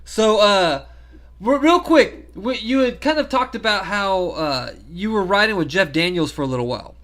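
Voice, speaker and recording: High-pitched male podcast host. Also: animated, moderate pace, a bit bright. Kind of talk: casual interview.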